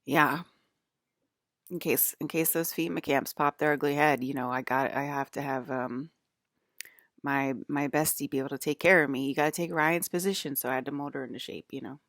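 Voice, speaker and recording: A woman's voice: a bass voice, steady tone, moderate pace, fairly bright tone, dry recording, studio quality. A woman talking straight to her viewers in a loose, rambling monologue, swearing freely and laughing often. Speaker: vlogger.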